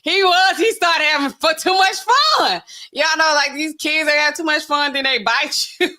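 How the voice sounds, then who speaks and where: A young woman, a pharmacist, hosts a casual reaction livestream, talking directly to her viewers and laughing often. Her voice is high-pitched and sharp, at a moderate pace.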